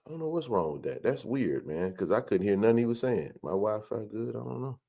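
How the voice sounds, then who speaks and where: A man hosts a casual live sports stream. His voice sits low but swings widely in pitch. He jokes loosely and calls out viewers by name. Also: expressive, a little fast, vocal fry, warm tone. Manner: loose and joking, greets the chat by name.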